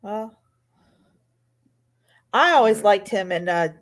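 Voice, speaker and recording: Woman on a podcast, chatty, laughs easy, medium pitch voice. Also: expressive, slow, a little hiss or hum. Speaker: podcast co-host. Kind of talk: casual chat.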